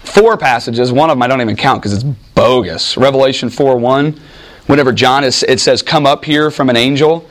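A man teaching a Bible class in an animated, informal way, restarting sentences often and acting out what people say. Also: medium pitch, fairly quick. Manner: animated, with frequent restarts and acted-out quotes. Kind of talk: informal teaching talk with anecdotes.

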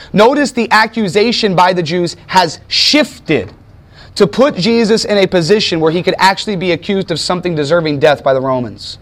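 A man's voice: sits high, brisk, fairly bright tone. A man teaching a class, telling history as a story and putting questions to his students. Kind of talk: classroom lecture.

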